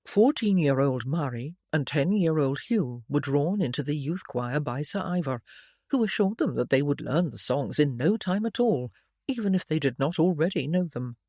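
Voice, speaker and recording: Woman narrating a gentle period romance. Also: low voice, lively intonation, dry recording, clean studio sound. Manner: gentle, measured storytelling; soft voices for the father. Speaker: audiobook narrator. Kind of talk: scripted narration.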